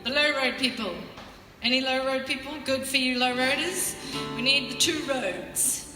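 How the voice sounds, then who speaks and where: A woman's voice: high voice, normal speed. An Australian woman leading a choir rehearsal, upbeat and encouraging, who breaks into song to show the parts. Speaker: choir leader. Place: large town hall. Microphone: camera on a tripod, far from the speaker. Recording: echoey hall from far off, with music. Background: choir and instrument.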